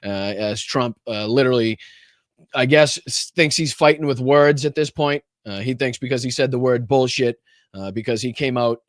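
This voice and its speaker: A man's voice: mid-range voice, dry recording, studio quality. A man hosting a casual political livestream, talking with lots of ums and uhs and greeting viewers in the chat by name. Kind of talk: casual live-stream commentary.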